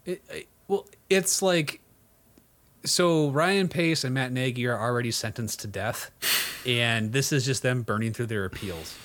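A man co-hosting a sports podcast, making sarcastic jokes with quick asides. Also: mid-range voice, fairly bright tone. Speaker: podcast co-host. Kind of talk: casual sports podcast banter.

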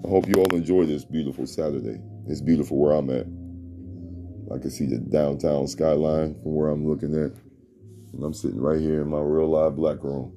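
A middle-aged man hosting a podcast with a deep voice, giving a blunt, profane, preachy motivational talk from a room at home. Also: fairly even intonation, moderate pace, dark tone, faint music behind. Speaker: podcast host. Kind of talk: motivational monologue.

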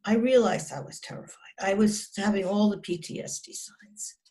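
With a warm, mid-range voice at a normal speed, a woman in her sixties who works as a psychotherapist shares a personal story on an interview. She is earnest and emphatic, frequently starts over, and drops her voice when things turn grim.

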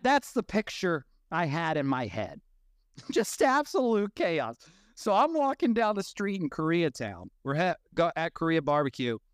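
A man's voice: fairly high pitch, clear, resonant tone, no echo, studio quality. A man in his thirties hosting a casual audio chat, telling stories animatedly and swearing freely. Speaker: host.

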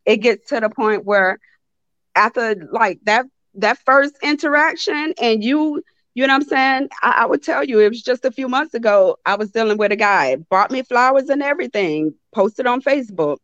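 A young woman, telling a story to a live audience in a blunt, animated way and swearing freely. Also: fairly high pitch, normal speed, no echo, highs cut off. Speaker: host of a live talk stream.

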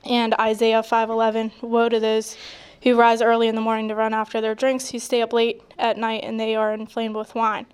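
Woman, casual chat with scripture reading; smooth, flat delivery, measured. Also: a little high. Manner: measured, reads verses then explains with fillers.

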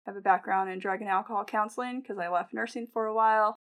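A woman's voice: mid-range voice, steady tone, fast talker, fairly bright tone. A young adult woman co-hosting a casual podcast, telling stories in a chatty way, acting out quotes and laughing often. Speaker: podcast co-host, nurse.

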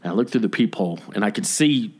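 A man's voice: lowish voice, quick pace, breathy edge. A middle-aged man, co-host of a podcast, telling a story in casual chat and acting out what people said. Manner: animated storyteller acting out quotes.

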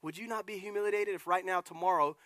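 A man, a lead pastor, preaching a sermon in a casual, animated way with acted-out asides. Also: high-pitched, fast, no room sound.

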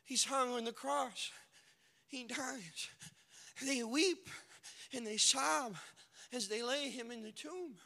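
A man's voice: very high-pitched, slow, creaky, long pauses, pushed and bright. A male pastor preaching a sermon, telling the story in an impassioned, colloquial way. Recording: long reverb of a large hall.

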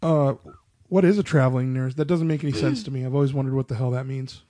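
A man's voice: medium pitch, fairly even intonation, fast, mellow, dry recording. A man hosting a podcast, chatting casually and teasing his guest, joking and swearing freely. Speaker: podcast host. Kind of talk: casual profane banter.

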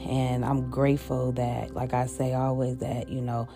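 A woman with a very deep, gravelly voice talks in a personal confessional monologue. She is halting and openly emotional, stumbling over repeated words and fillers. Music plays clearly beneath her voice. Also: flat delivery, mellow. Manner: heavy-hearted, openly emotional. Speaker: podcast host. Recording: music playing underneath.

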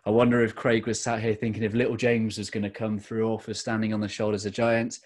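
A middle-aged man giving an earnest motivational talk as a podcast host, slowing down to stress key phrases. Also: on the low side, flat delivery, a little mellow.

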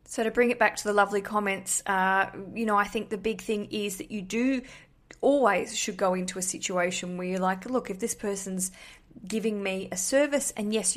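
A young adult woman with an Australian accent, hosting a podcast and telling a story in a chatty, candid way that includes casual swearing. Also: mid-range voice. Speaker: podcast host.

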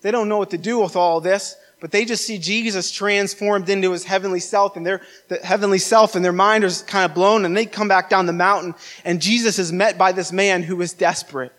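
A man's voice: high voice, fairly even intonation, fairly quick, few pauses, a bit bright. A male pastor delivering a sermon at a church service, telling Bible stories and building to fervent, emphatic exhortation.

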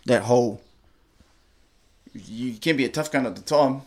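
A man's voice: measured pace, darkish tone. A young man with a New Zealand accent telling a candid personal story in a blunt, slangy, heavily swearing way. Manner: blunt, heavy swearing, slangy, low-key. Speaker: interviewee.

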